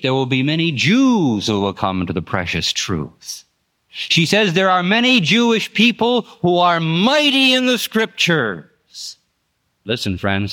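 A man's voice: fairly low pitch, a bit bright. An older man preaching a storytelling sermon in an earnest, folksy way, rising and dropping for emphasis. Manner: earnest, folksy, rises and drops sharply for emphasis.

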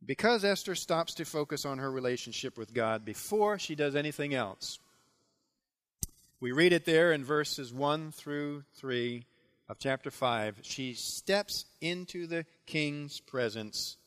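A man preaching a sermon who retells a biblical story with dramatic flair. His pitch sits a touch high and swings widely, swelling loud on key moments and dropping low for emphasis. He addresses the congregation directly with questions. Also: animated, measured pace. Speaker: pastor.

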